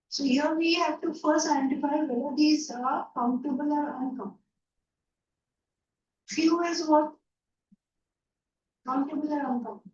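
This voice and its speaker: High-voiced woman teaching grammar, slowly. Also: a little mellow. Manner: patient, checks understanding with "yeah?" and "right?". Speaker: English teacher. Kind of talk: online grammar lecture. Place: online class from a room. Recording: roomy, distant, dull online lecture audio.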